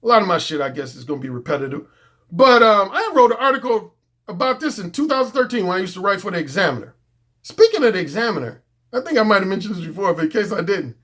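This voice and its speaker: A man's voice: sits high, big pitch swings, fast talker, fairly bright tone. A middle-aged man, a dating coach, talking bluntly and profanely in a casual unscripted monologue.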